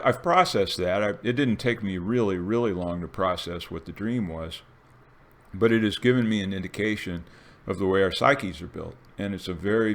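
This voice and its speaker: An older man in a casual, rambling monologue, telling a dream story with restarts and animated bursts. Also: low-pitched. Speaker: video essayist.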